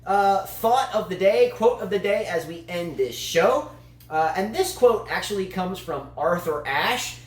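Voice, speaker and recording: A man's voice: sits high, lively intonation, measured pace, roomy sound. A man co-hosting a casual tennis chat show, a long-winded, playful storyteller. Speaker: tennis channel co-host.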